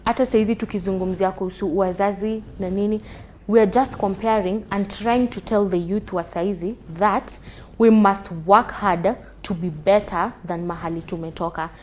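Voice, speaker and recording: A Kenyan woman hosting a talk show, chatting casually and switching between Swahili and English, often checking in with a quick question. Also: mid-range voice, steady tone, slight background noise. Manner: fast, tags sentences with "unaona?".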